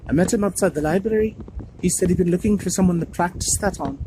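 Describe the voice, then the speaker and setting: A man's voice: high voice, quick pace, voice pushed up, lightly acted. A man voicing a timid, clumsy schoolboy who talks shakily, in a storybook reading. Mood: shaky. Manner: shaky, mumbling. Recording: noisy home recording.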